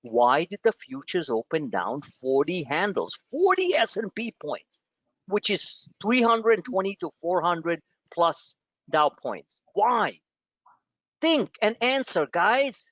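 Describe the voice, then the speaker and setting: A man's voice: sits high, very animated, slow, fairly bright tone, no room sound. A man, a trading coach hosting a live member Q&A, who talks in a blunt and profane way straight at his listeners. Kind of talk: live online session, rambling rant. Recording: dull lo-fi, dry sound.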